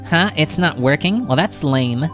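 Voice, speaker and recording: A man's voice: a little high, expressive, a little slow, a bit bright, soft background music, voice pushed up. A man doing a teasing young woman. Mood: disappointed. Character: cheerful young woman, teasing kid sister.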